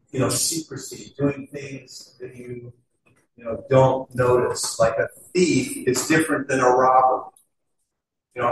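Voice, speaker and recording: A middle-aged man preaching a sermon in an earnest, conversational way, with many fillers, slowing to stress scripture words. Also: medium pitch. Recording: echoey hall, distant mic.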